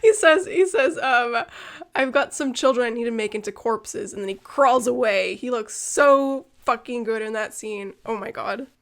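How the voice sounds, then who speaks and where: A young woman co-hosting a podcast, chatting excitedly, swearing freely and laughing often. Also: on the high side, normal speed. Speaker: podcast co-host. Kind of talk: casual chat.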